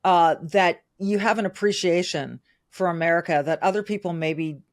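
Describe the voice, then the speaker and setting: A woman's voice: lowish voice, normal speed. A middle-aged woman from California hosting a podcast interview, enthusiastic and direct. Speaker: podcast host. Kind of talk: conversational interview.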